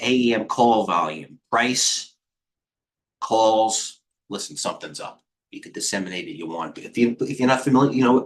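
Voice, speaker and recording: A middle-aged man hosting a live trading stream, giving casual market commentary in a rambling way, with quick asides, restarts and talking to himself. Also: lowish voice, a bit bright. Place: indoor room with a heater on.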